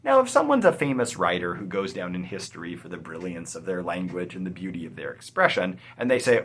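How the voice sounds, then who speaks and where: A man hosting a poetry channel, explaining a poem in an animated, emphatic way, with some fillers. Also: deep voice, fast, few pauses. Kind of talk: explanatory video lecture.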